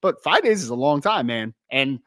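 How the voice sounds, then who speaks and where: A man's voice: mid-range voice, sing-song, moderate pace, fairly bright tone, no room sound, clean studio sound. A man with a South Jersey accent co-hosting a casual podcast, chatty and prone to repeating himself. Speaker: co-host.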